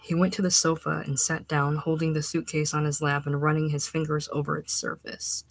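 A woman reading a short story aloud as audiobook narration, steady and even, sometimes sinking to a hushed near-whisper. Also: low voice, a little fast, gravelly, no echo. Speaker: reader.

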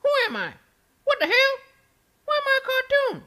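A man's synthetic voice puts on a squeaky, swooping slacker firefighter from a cartoon skit. He drawls his slang and repeats himself. The tone is high and bright and lurches up and down. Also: huge pitch swings, a little slow, heavily acted. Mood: confused. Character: dim-witted lazy young firefighter.

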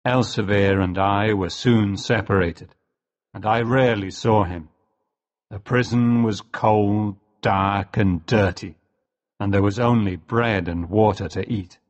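Slow, low-voiced male story narrator. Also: fairly even intonation, dull audio. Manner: slow and clear, for language learners. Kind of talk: graded-reader story narration.

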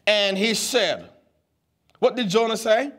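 A young preacher in his twenties with a high-pitched voice gives an animated Bible lesson. He teases his listeners and throws questions out to them as he teaches. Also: slow. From U.S. Virgin Islands. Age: 20s. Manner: animated, teasing, asks the congregation questions.

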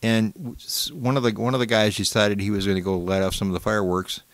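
A man's voice: fairly low pitch, fairly even intonation, quick pace, dry recording. A man in his fifties from Michigan, a host who rambles through stories and laughs easily in casual chat.

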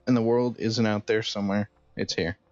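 Guy reading a tired serious cop lady in a game, low flat voice, muffled dry audio. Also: normal speed, dry recording, natural voice. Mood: grave. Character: adult female cop, stern and weary. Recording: dull dry game capture with music.

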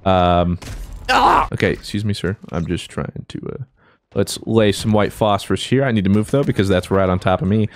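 A man giving jokey, excitable commentary while playing a shooter game, dropping to low mutters and then breaking into shouted cheers. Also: fairly quick, dry recording, studio quality. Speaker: gaming YouTuber. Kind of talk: live gameplay commentary. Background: faint gunfire from the game.

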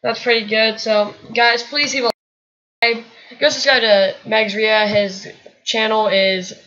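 A young woman giving live commentary over her own shooter gameplay, muttering in frustration and breaking into excited outbursts. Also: on the high side, a little slow, highs cut off, slight background noise. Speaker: gaming commentator. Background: gunfire from the game.

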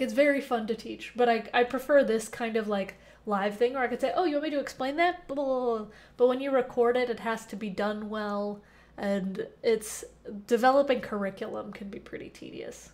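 Chatty woman streamer, slightly high voice. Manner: chatty, reads chat aloud, many fillers. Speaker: livestream host answering chat questions. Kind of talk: casual live-stream chat. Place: temporary home. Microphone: headphones with mic.

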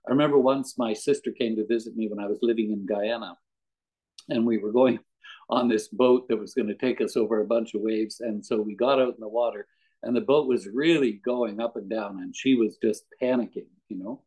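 A man's voice: lowish voice, fairly even intonation, a little fast, mellow, husky, rough recording. A man giving a conversational devotional talk as a guest speaker, mixing anecdotes and readings and chuckling often.

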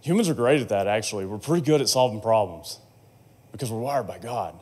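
A man's voice: fairly low pitch, expressive, a little fast, darkish tone, husky. Man telling a faith testimony. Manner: conversational storytelling, acts out quotes. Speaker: conference speaker.

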